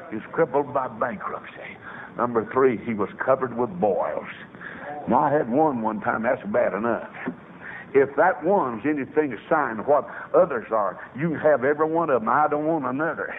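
Impassioned preacher, tinny old radio. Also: male voice, medium pitch, normal speed. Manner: impassioned, storytelling, sudden soaring shouts. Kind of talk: revival sermon. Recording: tinny phone-like old radio recording with faint hiss.

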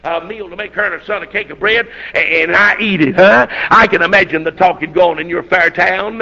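A man preaching a revival sermon, telling Bible stories and breaking into shouted, drawn-out climaxes. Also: sits high, vocal fry. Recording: dull lo-fi sermon recording.

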